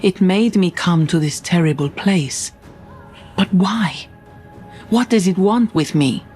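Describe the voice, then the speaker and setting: A woman voicing a guilt-ridden old man who protests and pleads against his accusers, in a slow storybook reading. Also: fairly low pitch, expressive, warm tone, faint music behind. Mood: desperate.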